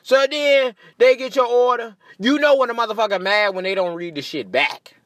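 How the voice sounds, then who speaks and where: A man doing a profane, animated comedic rant, laughing at his own jokes. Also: very high voice, moderate pace. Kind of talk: stand-up style comedic rant.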